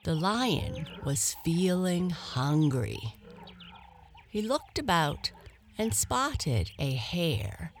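Slow, gentle bedtime storyteller woman. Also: on the low side, big pitch swings, a little hiss or hum. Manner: gentle, very slow, at times whispered.

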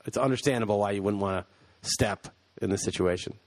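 A man's voice: lowish voice, quick pace. A man co-hosting a podcast in casual chat, loose and rambling, laughing as he talks, recorded on a computer mic. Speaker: podcast co-host. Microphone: computer mic, remote call.

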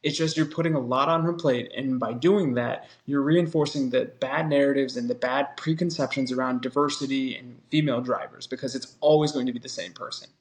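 A man's voice: medium pitch, fairly even intonation, fairly quick, few pauses. A man co-hosting a casual podcast discussion, speaking earnestly in long, reflective sentences. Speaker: podcast co-host.

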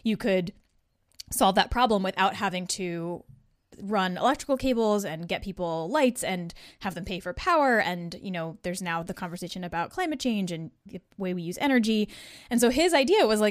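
A woman's voice: mid-range voice, normal speed, no room sound, clean studio sound. A woman guest-hosting a podcast, telling a story in casual chat, laughing and acting out the voices of the people in it. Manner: lively, laughing, acts out quoted voices. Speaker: guest host.

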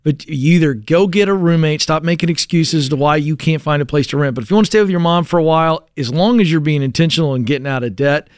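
A man's voice: on the high side, fast, few pauses, smooth, dry recording, clean studio sound. A man hosting a call-in advice show, talking directly and encouragingly in a no-nonsense way. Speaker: radio show host.

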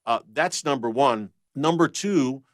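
A man talks as a guest in an interview, making his case with steady emphasis and counting off his points one by one. His voice sits at an ordinary pitch for a man. The recording is dry and close, with almost no room sound. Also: unhurried, no echo. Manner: emphatic, lists points by number. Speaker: guest, TV host. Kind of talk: conversational teaching.

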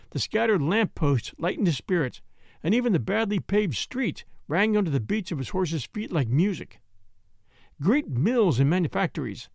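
A man reading an old story aloud as an audiobook, in a high voice that rises and falls a great deal. A gravelly edge runs through his measured, expressive delivery, and the recording is dry and close. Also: no echo. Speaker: narrator. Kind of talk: audiobook narration.

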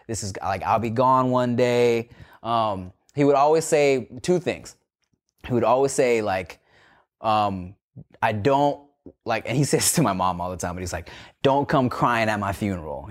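Laid-back man chatting as a podcast guest. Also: on the low side. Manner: laid-back, often asks 'you know what I'm saying?'. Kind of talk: casual podcast chat.

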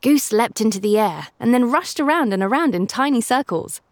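A woman hosting a children's story podcast, narrating in an animated way with playful asides to young listeners. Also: fairly high pitch, normal speed, no echo, clean studio sound. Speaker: storyteller and host.

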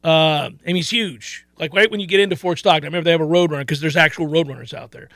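Radio host guy, high voice, dry close mic, gets loud and excited telling stories. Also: quick pace, no echo. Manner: animated storytelling, rising to loud exclaiming. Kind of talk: casual sports radio chat. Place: radio studio. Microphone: studio mic.

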